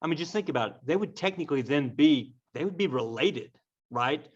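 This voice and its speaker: A man's voice: fairly high pitch, fairly quick, breathy edge. Joking man teaching a story lesson. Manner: joking, lively, addresses class directly. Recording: dull lo-fi recording.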